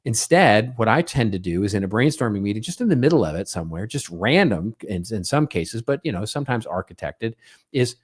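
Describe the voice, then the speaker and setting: Low-voiced man musing on a podcast. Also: expressive, brisk, slightly rough. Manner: conversational, frequent "right?" tags, acts out small quoted exchanges. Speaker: podcast co-host. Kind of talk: solo podcast monologue.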